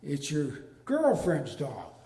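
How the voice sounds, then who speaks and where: A man's voice: a little high, huge pitch swings, takes it slowly, warm tone, pitched below the performer's own voice, heavily acted. An older male storyteller voicing a blunt, plain-spoken small-town male vet. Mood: matter-of-fact. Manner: matter-of-fact, plain-spoken. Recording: echoey hall with long reverb.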